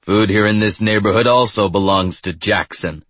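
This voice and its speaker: A man's voice: lowish voice, normal speed, a bit bright, no echo, natural voice. A man voicing a scarred, mocking male exterminator who threatens people in a gritty storybook. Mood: menacing. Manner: sneering, menacing.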